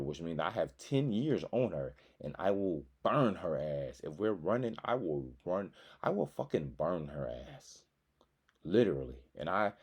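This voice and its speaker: Man, 30s, very low voice; blunt, profane reaction commentary. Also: dark tone.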